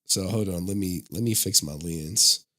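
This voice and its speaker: A man's voice: low voice, moderate pace, bright, forceful tone. A man hosting a livestream, chatting casually to his viewers, loose and slangy, often laughing. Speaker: livestream host.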